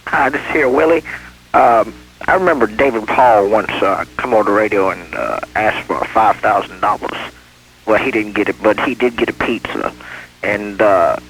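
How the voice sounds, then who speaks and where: A man's voice: fairly low pitch, normal speed, a bit bright, a little hiss or hum, poor audio. A man calling a radio show, rambling and pleading for a turkey. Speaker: radio caller.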